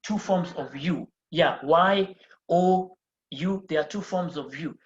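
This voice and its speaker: A patient teacher walks through a beginner lesson at a board, repeating each phrase and spelling words out letter by letter. The voice sits at a middling pitch. The recording is roomy and a little dull, like a lo-fi classroom capture. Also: slow pace. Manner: patient, explaining step by step. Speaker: Spanish teacher.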